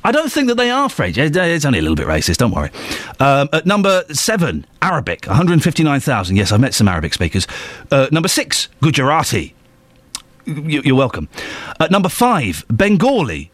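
A man's voice: on the high side, wildly swooping pitch, normal speed, no echo. A man hosting a radio show in casual, jokey chat, full of sarcastic asides.

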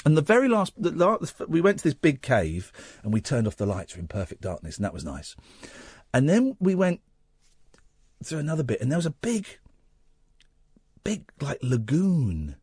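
A man hosting a late-night radio phone-in, telling a story in an animated way and acting out the voices he quotes. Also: on the high side, normal speed, pauses often, husky, dry recording, clean studio sound. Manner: animated, acts out quoted voices, rising to shouts. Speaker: radio host.

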